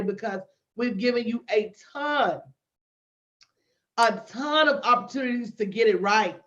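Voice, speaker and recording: Brash, high-pitched woman coach hosting a live stream; muffled lo-fi sound. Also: measured pace. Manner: brash, animated, talks straight to viewers. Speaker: business coach and livestream host. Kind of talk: livestream promo chat.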